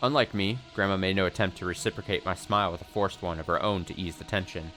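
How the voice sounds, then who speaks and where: A man reading a visual novel aloud for a let's play, with steady, earnest narration. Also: low-pitched, fast talker, hardly any pauses, soft background music.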